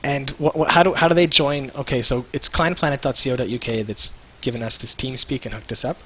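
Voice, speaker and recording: A man's voice: mid-range voice, steady tone, brisk, sharp tone, slightly rough, rough recording. A man from Canada hosting a casual live stream, loose and jokey, laughing often. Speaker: show host.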